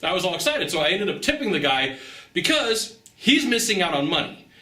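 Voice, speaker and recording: A man giving casual travel advice to camera, chatty and lively, often laughing and acting out little dialogues. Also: high-pitched, fairly quick, echoey room, slight background noise. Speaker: travel and persuasion tips presenter.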